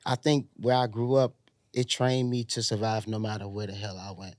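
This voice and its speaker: Man, Chicago accent, lowish voice, slangy, reflective, casual interview guest, dry close sound. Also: little pitch movement, normal speed, a little mellow, no room sound. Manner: laid-back, slangy, reflective with many ums. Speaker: R&B singer, guest.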